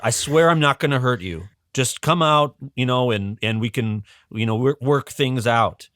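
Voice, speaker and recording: A man's voice: mid-range voice, normal speed, fairly bright tone, no echo, studio quality, close to an everyday voice. A coaxing ancient official, as a man puts him on.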